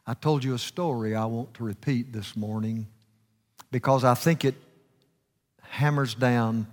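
A male preacher delivering a fervent sermon and telling a story, his voice swelling and dropping for emphasis. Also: mid-range voice. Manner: fervent, rising and falling for emphasis. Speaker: guest preacher. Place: church sanctuary. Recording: reverberant church hall.

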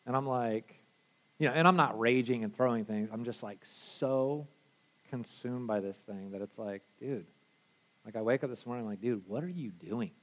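A male pastor preaching a conversational sermon, candid and casual, dropping to quiet asides and then pushing to loud emphasis. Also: medium pitch, moderate pace.

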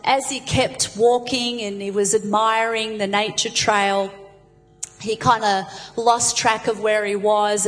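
A woman delivering a sermon, telling stories with lively voices for the characters. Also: mid-range voice, big-room sound, rough recording. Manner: animated storyteller, voices the jokes' characters. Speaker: preacher.

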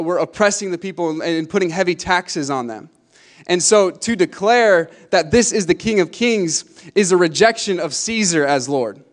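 High-voiced fervent male preacher. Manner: fervent, swinging from hushed asides to emphatic declarations. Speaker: pastor. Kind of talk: sermon.

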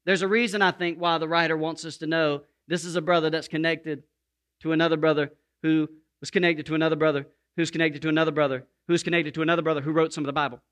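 A man preaching to a congregation in a high voice, pressing his points home by slowing down on each key word. His tone is bright and forceful, and he breaks off for playful asides and asks the people to say lines back to him. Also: level tone. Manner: emphatic, slows to stress key words; calls on the congregation to repeat lines. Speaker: pastor. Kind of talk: sermon.

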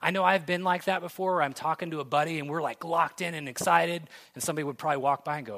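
A young adult man preaching a sermon, reading scripture and then talking through it in a conversational, earnest way that builds to excitement. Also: on the high side, quick pace, few pauses. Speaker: pastor.

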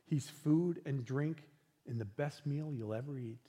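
A man preaching a sermon as pastor, earnest and unhurried, dropping into soft, hushed passages. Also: mid-range voice, in a large hall.

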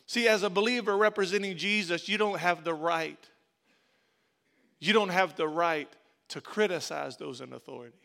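High bright-voiced preaching pastor. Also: male voice, normal speed, creaky. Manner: preaching with rising emphasis, repeating phrases. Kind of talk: sermon.

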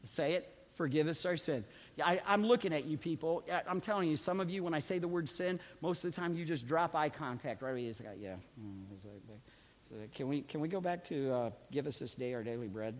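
A man preaching a sermon as a pastor, calling on the congregation to repeat after him and swinging from quiet asides to shouted emphasis. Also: a little high, lively intonation, brisk. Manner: preaching with call-and-response to the congregation. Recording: long reverb of a large hall.

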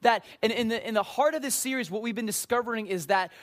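A young adult man giving a storytelling sermon as a youth pastor, animated and self-mocking with quick asides. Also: high-pitched.

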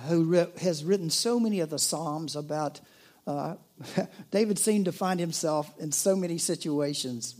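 A pastor delivers a sermon in a relaxed, talking-to-friends manner. The voice sits at a middling pitch and slips between playful asides and quieter, earnest points. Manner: conversational preaching, jokey asides, drops to soft earnest tone.

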